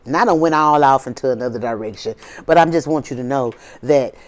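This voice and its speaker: A woman's voice: very deep voice, a little fast. A woman hosting her own video channel, talking casually and preachily to viewers, repeating herself and firing off rhetorical questions in an informal, drawling way. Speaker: spiritual video host.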